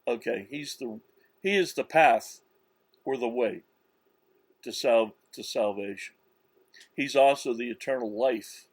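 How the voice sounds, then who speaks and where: A man giving a slow, insistent religious monologue, with many restarts and stressed words. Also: mid-range voice, breathy edge, dry recording. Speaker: religious commentator. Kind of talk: self-recorded religious monologue.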